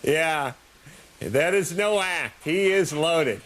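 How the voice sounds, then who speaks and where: Brief: male talk-show host, higher voice, dry sarcastic comic rambles. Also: slow pace. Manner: sarcastic, rambling, deadpan jokes. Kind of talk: comic monologue.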